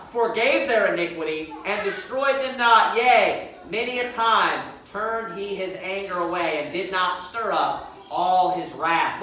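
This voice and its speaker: A man preaching a sermon, stressing his points by repeating them and slowing down to read scripture aloud. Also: high-pitched, sharp tone, a little hiss or hum. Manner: emphatic, repeats points and verse references; reads scripture aloud slowly. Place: church sanctuary. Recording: echoey church room, mic at a distance.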